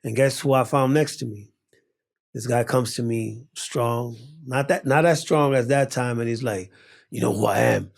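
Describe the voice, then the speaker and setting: A man who speaks natively, telling animated stories as an interview guest, acting out the voices and laughing often. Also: medium pitch, moderate pace. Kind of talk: animated storytelling in conversation.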